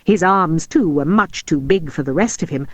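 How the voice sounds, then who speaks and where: An older woman narrating a children's classic audiobook in a measured, expressive way. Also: low-pitched, no room sound. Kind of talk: storybook narration.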